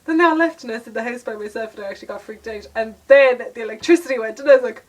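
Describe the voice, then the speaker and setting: A woman's voice: on the high side, rapid-fire, distant mic, rough recording. A young Irish woman vlogging, telling a story casually to camera with lots of fillers and laughter.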